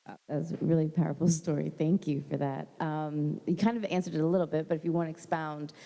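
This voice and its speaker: A woman's voice: deep voice, steady tone, fast talker, gravelly, dark tone. A woman interviewer asking a question, with hesitant fillers.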